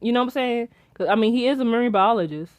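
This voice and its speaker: A woman's voice: fairly high pitch, quick pace, dry recording. Chatty young woman recapping a show. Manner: rambling, excitable, many restarts and fillers. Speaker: TV episode reviewer. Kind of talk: casual episode recap and theorizing.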